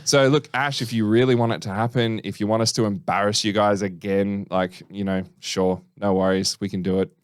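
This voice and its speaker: A man's voice: fairly low pitch, steady tone, brisk, few pauses, clean tone, no echo, studio quality. An Australian man co-hosting a podcast, chatty and joking as he tells stories and answers listener questions. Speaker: podcast co-host. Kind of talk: casual podcast chat.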